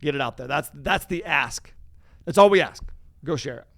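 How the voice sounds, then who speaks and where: A man's voice: fairly high pitch, expressive, moderate pace, fairly bright tone, no room sound, clean studio sound. A man co-hosting a podcast, talking in an emphatic, casual motivational way and cursing freely. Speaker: podcast co-host.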